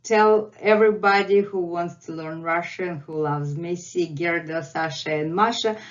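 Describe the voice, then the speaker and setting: A woman teaching a Russian lesson, drilling each sound by slow repetition. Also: fairly low pitch, muffled recording. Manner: drills sounds by repeating them slowly. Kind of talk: slow, careful language lesson.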